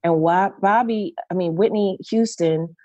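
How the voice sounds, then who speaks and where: A woman's voice: medium pitch, unhurried, dark tone, dry recording, dull audio. A middle-aged woman, a guest performer, telling a story candidly in an interview, emotional and often repeating and restarting phrases.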